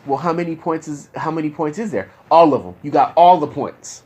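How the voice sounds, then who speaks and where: A man's voice: a little high, fast talker, few pauses, a little mellow. A young man talking candidly with his therapist, frustrated and profane, his voice climbing into anger as he vents. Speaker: patient in therapy.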